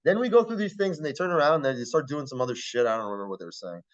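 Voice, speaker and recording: Male lecturer, casual and profane, always asking if the class gets it; animated pitch, lo-fi sound. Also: very fast. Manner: blunt, profane, keeps checking the class understands.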